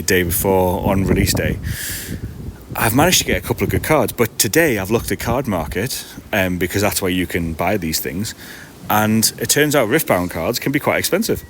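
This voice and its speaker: A man's voice: sits low, fairly bright tone. A man, chatting casually and self-deprecatingly to a live-stream audience from an outdoor market stall, laughing often. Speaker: streamer and podcast host. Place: outdoor market stall in the early morning, seagulls around. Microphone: iPad. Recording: outdoor background noise.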